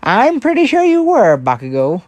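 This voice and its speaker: A man's voice: on the high side, sing-song, fast talker, no echo. Guy doing a wounded teen brother, dry and wry, close dry sound. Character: wounded teenage boy, dry-humored brother.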